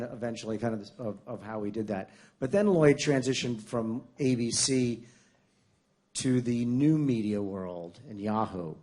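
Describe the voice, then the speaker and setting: A man's voice: medium pitch, darkish tone. A man interviewing a guest on a conference stage, introducing him in a loose, chatty way. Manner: chatty, loose, with fillers and restarts. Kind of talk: onstage interview.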